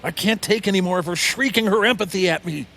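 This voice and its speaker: High, goofy man with noise behind. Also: fast talker, vocal fry, pushed and bright. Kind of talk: comedy sketch banter.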